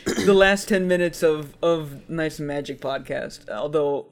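A man's voice: on the high side, a little slow, gravelly. A man co-hosting a podcast in casual chat, blunt and swearing freely. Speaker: podcast co-host.

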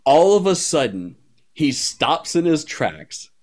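A man's voice: fairly high pitch, big pitch swings, slow pace. A man hosting a podcast, telling a long story in casual chat, rambling, swearing often and laughing mid-story. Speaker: podcast host.

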